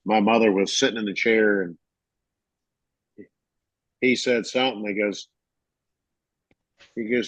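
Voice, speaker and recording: A man's voice: lowish voice, steady tone, unhurried, long pauses, no echo. A middle-aged man, a podcast co-host in casual chat, who tells stories and acts out the voices in them. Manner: storytelling, acts out quoted voices. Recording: dull lo-fi dry sound.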